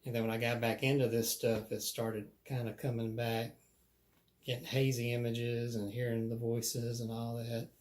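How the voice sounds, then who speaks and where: A man's voice: medium pitch, monotone, normal speed, darkish tone. Man, casual storyteller, chatty, laughs often, voice of medium height. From Alabama. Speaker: guest telling ghost stories.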